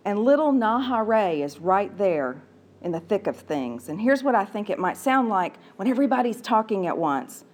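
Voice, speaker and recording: A woman's voice: medium pitch, big pitch swings, moderate pace, a little mellow. A woman preacher telling a story in a sermon, with a conversational manner and playful asides.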